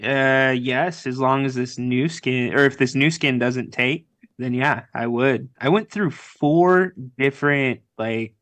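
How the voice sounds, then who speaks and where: A man's voice: mid-range voice, slow, a bit bright, no room sound. A man co-hosting a podcast in casual chat, easygoing, talking around a sore, sticking lip. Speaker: podcast co-host.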